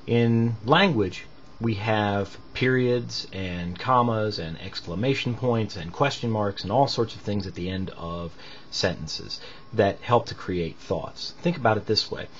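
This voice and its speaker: A man's voice: on the low side, a little slow, muffled recording, slight background noise. A man teaching a recorded music lesson, explaining patiently with many fillers between demonstrations.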